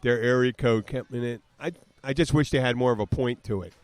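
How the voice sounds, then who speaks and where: A man's voice: mid-range voice, fairly quick, no echo. A man in his fifties from the southern United States hosting a podcast, rambling through stories in casual chat and mimicking voices as he retells them. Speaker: podcast host.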